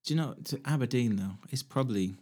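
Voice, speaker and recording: A man's voice: medium pitch, quick pace, warm tone. A man co-hosting a casual comedy podcast, rambling and swearing freely as he chats. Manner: rambling, sweary, restarts a lot. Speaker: podcast co-host.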